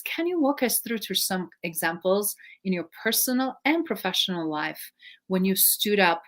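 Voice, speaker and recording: A woman interview host who asks earnest, slightly halting questions. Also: fairly low pitch, a bit bright.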